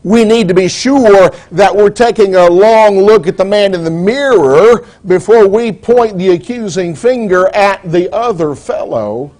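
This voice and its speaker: A man preaching a sermon in a measured, deliberate way, posing rhetorical questions to the congregation. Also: sits high, darkish tone.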